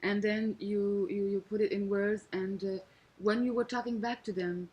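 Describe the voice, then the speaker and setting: A woman's voice: medium pitch, level tone, moderate pace, highs cut off. A woman interviewer asking curious, probing questions with hesitant restarts, on an archival tape recording. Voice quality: husky.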